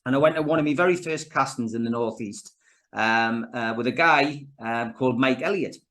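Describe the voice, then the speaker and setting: A middle-aged man chats as a podcast guest, spinning stories with lots of stops and restarts. His voice sits at a middle pitch for a man. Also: normal speed. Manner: animated storyteller with many restarts and fillers. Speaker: guest, actor and filmmaker. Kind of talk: casual interview chat.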